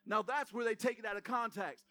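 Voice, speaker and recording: A man preaching an energetic sermon in a church, speaking straight to the congregation with emphatic repetition. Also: sits high, brisk. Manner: fired-up, addresses congregation directly, emphatic repetition. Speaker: pastor. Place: church sanctuary.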